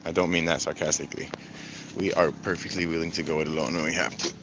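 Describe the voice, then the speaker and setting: A man's voice: rumbling low, little pitch movement, fast, noisy background. A man chatting casually on a livestream outdoors, rambling with lots of fillers. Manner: rambling, filler-heavy talk. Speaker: vlogger livestreaming from a desert camp. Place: outdoors at a desert skate park camp.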